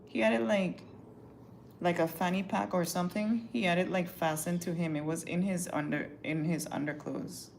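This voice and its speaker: Woman, low gravelly voice, animated profane storytelling, livestream, faint background hiss. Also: normal speed. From Caribbean. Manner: animated, profane, chatty, acts out quotes.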